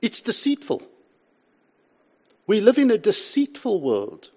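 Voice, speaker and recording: An older man preaching a sermon, swinging between loud pleas and hushed asides. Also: sits high, huge pitch swings, takes it slowly, slightly rough, highs cut off. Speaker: pastor.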